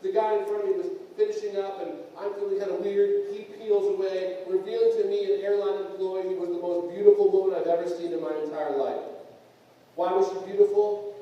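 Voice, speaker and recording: A middle-aged man giving a comedic motivational keynote in a large conference hall, telling animated stories and jumping to shouts for punchlines. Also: sits high, lo-fi sound, slight background noise. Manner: animated storytelling, big jumps to shouting for punchlines. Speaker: keynote speaker. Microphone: distant camera mic. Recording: echoey hall, distant mic.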